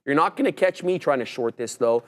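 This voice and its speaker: A man co-hosting a live trading show, mixing friendly banter with quick stock figures and price talk. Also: fairly high pitch, lively intonation, fairly bright tone, a little hiss or hum. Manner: chatty, brotherly banter mixed with stock figures. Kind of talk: casual live market chat.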